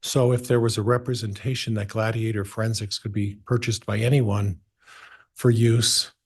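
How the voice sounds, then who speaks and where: A man's voice: fairly low pitch, level tone, moderate pace, slightly rough. A man working as a defense attorney, methodically questioning a witness in a courtroom with some hesitations.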